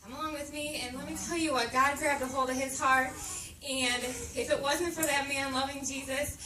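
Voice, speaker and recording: A woman's voice: high-pitched, fairly even intonation, normal speed. A woman in her thirties giving a heartfelt, emotional faith testimony to a group in a meeting room. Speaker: speaker sharing her testimony. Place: meeting room at a moms' camp. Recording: echoey room, distant mic, background noise.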